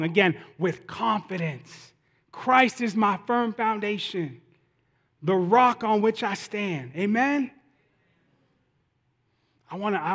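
A man preaching a sermon as pastor, talking in a conversational way that builds into impassioned preaching. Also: high-pitched. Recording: long hall reverb.

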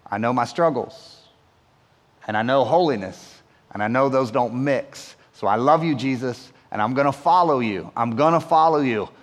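A man's voice: medium pitch, moderate pace. A man preaching a sermon as pastor in a church, chatty and repetitive, checking in with "right?". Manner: conversational, repeats words, asks the room "right?". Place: church hall. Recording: long hall reverb.

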